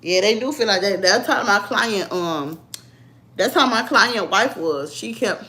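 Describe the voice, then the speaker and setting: In a laid-back livestream chat, a young woman addresses her viewers directly with blunt sass. Her medium-pitched voice sounds animated, pushed, and bright, at a measured pace.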